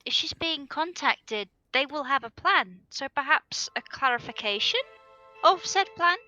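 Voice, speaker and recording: Slow, high, bright-voiced woman player. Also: animated, dull audio, soft background music. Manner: thoughtful, measured suggestions. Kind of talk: tabletop game play.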